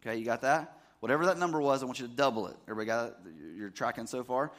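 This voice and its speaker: A man in his thirties preaching to his congregation in an easy, conversational way. He keeps asking the room whether they are following along, with a voice of ordinary middle pitch. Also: racing, fairly bright tone. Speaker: pastor. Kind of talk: sermon.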